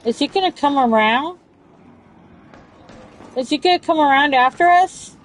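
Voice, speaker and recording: A woman's voice: high-pitched, lively intonation, a little slow, rough recording. A young woman streaming a video game, chatting casually with dramatic, playful laments and free swearing. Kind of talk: casual gameplay chat.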